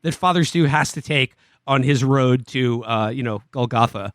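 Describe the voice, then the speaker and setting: A man co-hosting a casual comedy podcast, recapping a film plot in a halting way with lots of fillers and restarts. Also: mid-range voice, dry recording, clean studio sound. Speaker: podcast co-host.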